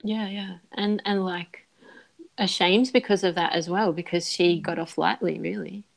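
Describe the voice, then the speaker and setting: A thoughtful woman in a casual podcast conversation, speaking in a somewhat low voice. She picks her words slowly and hesitantly, filling the gaps with ums. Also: steady tone, vocal fry.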